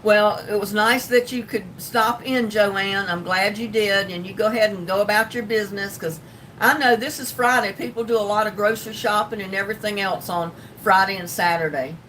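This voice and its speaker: A woman's voice: fairly even intonation, moderate pace, fairly bright tone. Folksy older Southern woman, from the mic. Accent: Southern US, North Carolina. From North Carolina. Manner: rambling, folksy, with frequent ums and laughs. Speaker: livestream host. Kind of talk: casual livestream chat reading comments. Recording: distant mic with faint rumble.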